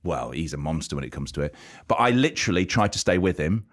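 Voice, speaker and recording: Fast, lively man, playful co-host. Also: sits low. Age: middle-aged. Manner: playful, teasing, fast-talking. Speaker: podcast co-host. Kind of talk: casual chat.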